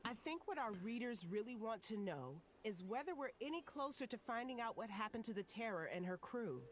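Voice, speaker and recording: An actress voicing a curious, eager newspaper journalist in a video game. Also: female voice, a little high, lively intonation, a little fast, slight background noise, natural voice.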